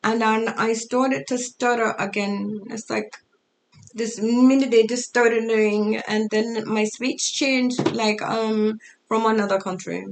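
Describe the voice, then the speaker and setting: A middle-aged woman tells her story in a halting, unpolished way, with plenty of pauses and restarts. Her speech has an altered, foreign-sounding lilt. Her voice sits a little high, with a gravelly edge. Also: steady tone, a little hiss or hum. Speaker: storyteller sharing her life. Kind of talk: casual personal storytelling.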